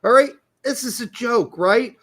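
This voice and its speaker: A man's voice: very high voice, unhurried, fairly bright tone. A man hosting a casual soccer podcast. He talks emphatically, repeats his points and swears freely. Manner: emphatic, repetitive, profane. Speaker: podcast host. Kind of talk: casual soccer commentary chat.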